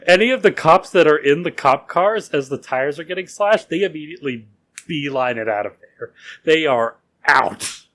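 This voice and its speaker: A man's voice: fairly high pitch, animated, moderate pace, fairly bright tone. A man co-hosting a podcast, telling a history story in a casual way, laughing often and using loose fillers. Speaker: podcast co-host.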